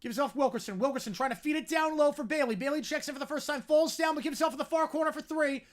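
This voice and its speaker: A livestream host who talks fast, calling a basketball game play by play while answering chat, and getting louder on big plays. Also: high-pitched. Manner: fast-talking.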